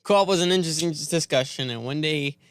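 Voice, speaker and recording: A man's voice: fairly high pitch, clean tone, no echo, clean studio sound. A young man co-hosting a casual podcast, chiming in with wry asides and then telling his own side of a childhood story. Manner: wry asides and interjections, quick trailing remarks. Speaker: podcast co-host. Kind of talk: casual chat.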